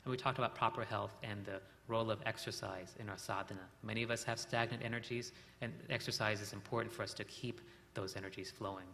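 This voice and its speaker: A man teaching a meditation lesson, calmly explaining and telling stories, asking his listeners questions now and then. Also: fairly low pitch, quick pace, vocal fry. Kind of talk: spiritual lesson recap with storytelling. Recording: reverberant hall with faint ambient noise.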